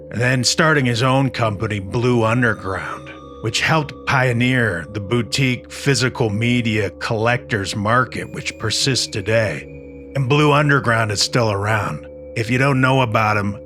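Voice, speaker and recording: A man's voice: lowish voice, pushed and bright. A man hosting a podcast, narrating scripted horror film history with dry, wry asides. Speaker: podcast host.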